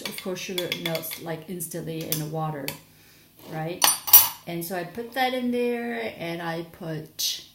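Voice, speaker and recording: A woman's voice: on the low side, heavy background noise. Chatty young woman rambling thru a kitchen review, kinda sleepy, roomy echo, dishes clinking. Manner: chatty, rambling, with many fillers and restarts. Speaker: vlogger. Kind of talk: casual product review vlog.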